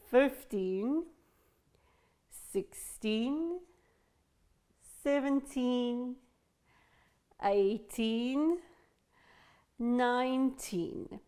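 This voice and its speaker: A woman teaching an English lesson to learners, speaking slowly and carefully and stressing each sound clearly. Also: on the high side, a little mellow.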